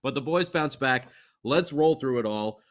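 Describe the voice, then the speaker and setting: A man's voice: mid-range voice, lively intonation, moderate pace. A man co-hosting a sports podcast, giving an enthusiastic, rambling game recap. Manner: rambling, enthusiastic, fan banter. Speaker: podcast co-host.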